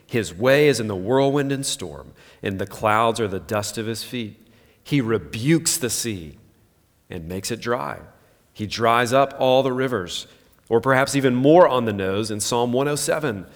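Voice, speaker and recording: A man's voice: mid-range voice, lively intonation, unhurried. A pastor in his thirties giving an earnest, conversational sermon full of rhetorical questions. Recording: long hall reverb.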